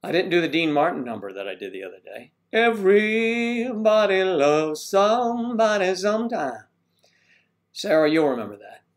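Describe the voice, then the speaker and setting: Older man, livestream host, casual rambling chat, mid-pitched voice, talks to viewers by name. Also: lively intonation, quick pace, hardly any pauses. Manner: rambling, greets viewers by name, fumbles with tech.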